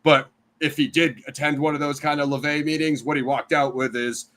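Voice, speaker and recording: A man's voice: on the high side, level tone, brisk, a bit bright. An American man, a panel guest, talking casually and rambling, with many "you know"s and "I mean"s. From United States.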